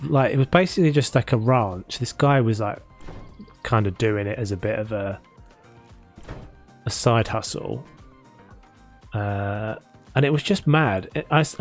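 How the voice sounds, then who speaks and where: A man chatting casually while he plays a building game, rambling with many restarts. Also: mid-range voice. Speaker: gaming streamer. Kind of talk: casual chat while playing. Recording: faint music behind.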